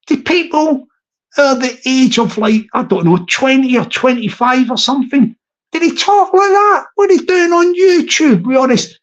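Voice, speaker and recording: A man's voice: extremely high pitch, sing-song, unhurried. Rambling middle-aged Scottish man. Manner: rambling and digressive, with frequent restarts. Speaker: live-stream host. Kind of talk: casual live-stream chat. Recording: slightly dull lo-fi recording.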